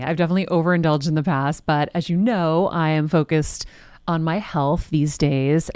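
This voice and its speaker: A woman's voice: low-pitched, clear, resonant tone, no room sound, studio quality. A woman hosting a podcast, reading an ad in an upbeat, enthusiastic way. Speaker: podcast host reading ads. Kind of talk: host-read advertisement.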